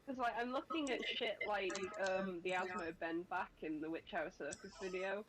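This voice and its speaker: A woman's voice: medium pitch, normal speed, crowd noise, low-quality recording. A woman in casual chat while drawing, laid-back and swearing offhandedly. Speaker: artist co-host.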